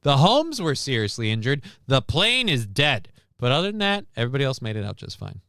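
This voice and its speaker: A man's voice: medium pitch, big pitch swings, fairly quick, bright, forceful tone, no room sound, studio quality. A man hosting a livestream, reacting to news clips in blunt, sarcastic casual commentary, swearing often. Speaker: livestream host.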